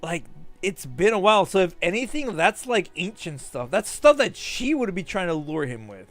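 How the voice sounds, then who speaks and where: Young man, game streamer, slightly high voice, animated, playful, faint background music. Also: normal speed. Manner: playful, chatty, slips into character readings. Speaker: streamer reading game dialogue. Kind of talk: casual game stream, reading lines aloud.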